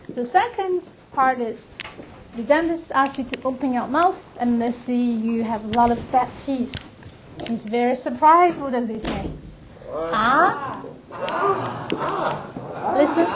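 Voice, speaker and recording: A woman teaching a class how to pronounce tones, drawing out and singing vowel sounds to show each one. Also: fairly high pitch. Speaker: language teacher. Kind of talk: classroom instruction. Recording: lo-fi classroom recording with clear noise.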